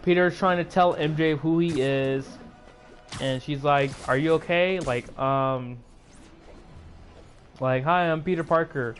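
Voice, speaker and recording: A man with a fairly high voice retells a movie in a loose, rambling vlog recap, leaning on fillers as he goes. He sounds sleepy and keeps yawning. His throat is sore from all the talking. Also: takes it slowly, pauses often, faint music behind. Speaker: YouTuber.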